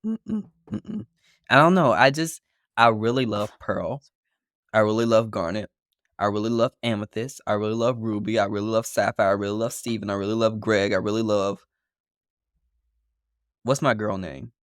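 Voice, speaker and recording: A man co-hosting a podcast in casual chat, playful and teasing in a relaxed way. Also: fairly low pitch, normal speed, pauses often, no room sound, clean studio sound. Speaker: podcast co-host.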